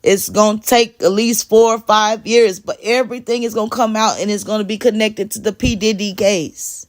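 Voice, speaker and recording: A woman speaks straight into her phone during a live stream, pressing her points and often repeating herself. She replies to viewers' comments as they come in. Her voice has a middling pitch. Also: steady tone, normal speed. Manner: emphatic, repeats phrases, responds to chat. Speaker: livestreamer talking to viewers. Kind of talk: casual live stream talk.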